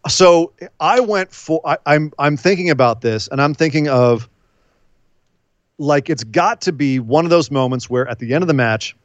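A man's voice: fairly high pitch, expressive, normal speed, no echo. A man co-hosting a podcast, chatting casually with a teasing, playful manner. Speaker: podcast co-host. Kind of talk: casual chat. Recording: dull lo-fi mic.

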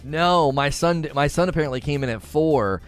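A man's voice: on the high side, normal speed, faint music behind. A man chatting casually on a livestream, reading chat messages aloud and telling rambling stories. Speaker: streamer.

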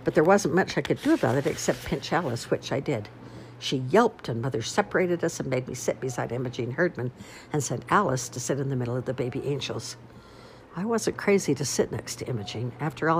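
Woman reading a storybook, low voice, lots of ups and downs, wry. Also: fairly quick, slight background noise. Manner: wry, expressive first-person telling. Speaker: audiobook reader. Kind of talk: storybook narration.

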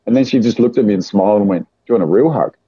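A man from South Australia talks very fast in a low, warm, slightly rough voice, spinning rambling anecdotes in casual chat and acting out the people in them. The recording is dry, dull and lo-fi.

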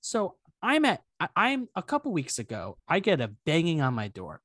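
With a slightly high voice at normal speed, the young co-host spins a story on his podcast, voicing each character with animation and dropping casual swears. The studio-quality recording has no echo.

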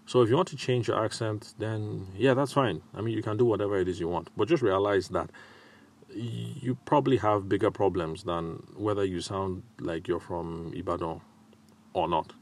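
A man hosting a solo advice podcast, talking in a measured way with frequent filler pauses. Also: fairly low pitch. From Nigeria. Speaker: podcast host.

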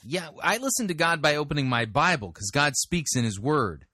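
A man's voice: on the high side, very animated, normal speed, bright, forceful tone, dry recording. Skeptical male critic, dry close sound. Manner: skeptical, blunt, interrupting with rebuttals. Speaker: podcast host and critic. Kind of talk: critical commentary on a sermon clip.

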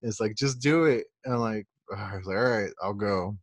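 Low-voiced young man telling a rambling story. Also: fairly even intonation, brisk, no echo. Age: young adult. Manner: rambling, swears a lot, acts out quotes. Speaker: podcast co-host. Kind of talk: casual storytelling.

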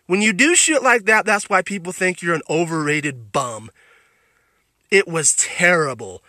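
A man's voice: high-pitched, lively intonation, measured pace, bright, forceful tone, no room sound, studio quality. A man hosting a podcast, giving a blunt film review full of profanity and emphatic restarts. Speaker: podcast host reviewing films.

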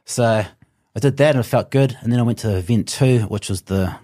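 A man, a strongman telling his competition story in an interview, animated and swearing often. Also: medium pitch, brisk, no echo, studio quality. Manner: animated, swears often, acts out his own past thoughts. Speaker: guest, strongman athlete.

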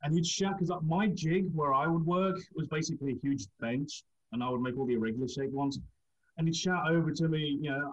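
A man's voice: fairly high pitch, a little fast, muffled recording. A man from England, telling rambling anecdotes in a casual chat and laughing through them.

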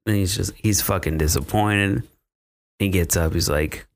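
A man's voice: deep voice, moderate pace, creaky. A man recapping a film plot on a podcast in a rambling, profane, casual way, with frequent laughter and fillers. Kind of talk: casual chat.

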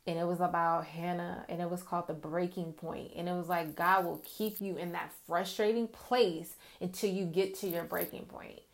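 A woman's voice: fairly low pitch, steady tone, moderate pace, vocal fry, few pauses. A woman talking openly and earnestly to her viewers about prayer and her faith, in a confiding, casual way. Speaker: Christian vlogger sharing testimony. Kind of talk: heartfelt casual faith talk.

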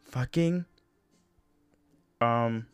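A man's voice: medium pitch, very slow, smooth, dry recording, soft background music. A young man hosting a solo podcast, talking casually in a rambling, profane way with lots of "you know" and restarts. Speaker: podcast host.

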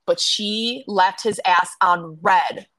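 A woman co-hosting a casual fan recap podcast, excitable, gasping and swearing freely as she talks. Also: mid-range voice, slow. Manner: excitable, swears a lot, gasps often. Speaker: podcast co-host.

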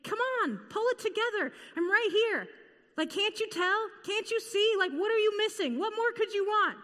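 A woman's voice: extremely high pitch, expressive, moderate pace, pushed and bright, big-room sound, voice pushed up, full character voice. A woman voicing an exasperated, impatient man scolding a friend, in a raised, pushy tone.

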